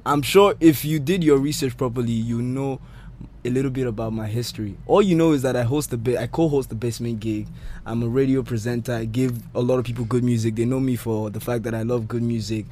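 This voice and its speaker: Male radio presenter guest, polished radio accent, animated and defensive, mid-pitched, repeats himself to push a point. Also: a little fast. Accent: polished radio-style English accent. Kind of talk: casual argumentative chat.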